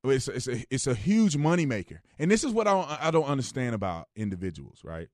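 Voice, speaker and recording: A man hosting a radio talk show, giving casual joking opinion commentary, jumping between loud outbursts and low, quiet asides. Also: big pitch swings, brisk, no echo, studio quality.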